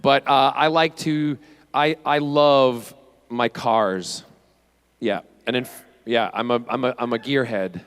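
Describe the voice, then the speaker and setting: A man's voice: mid-range voice, steady tone, slow, clean tone. A man, answering fan questions on a convention panel in a playful, chatty way. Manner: playful, chatty, self-teasing. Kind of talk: casual Q&A with fans. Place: convention hall stage.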